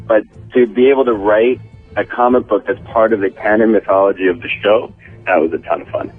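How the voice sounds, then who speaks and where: A man's voice: on the low side, a little fast, slightly rough, no echo, soft background music. Man on a tinny phone line. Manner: relaxed, self-deprecating, joking. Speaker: phone-in guest, actor. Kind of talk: casual radio interview. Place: Vancouver.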